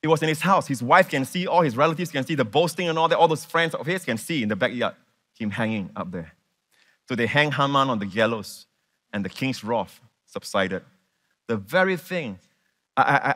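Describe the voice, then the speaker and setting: A man preaches to his congregation in a bright, ringing voice at an ordinary middle pitch. He is animated and emphatic, doubling back on words and asking his listeners questions. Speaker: pastor. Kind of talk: sermon.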